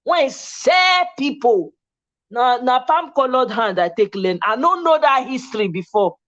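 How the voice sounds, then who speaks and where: A woman's voice: high-pitched, lively intonation, unhurried, fairly bright tone, muffled recording. A Nigerian woman hosting a casual livestream talk, speaking passionately and switching between English and Pidgin. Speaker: host.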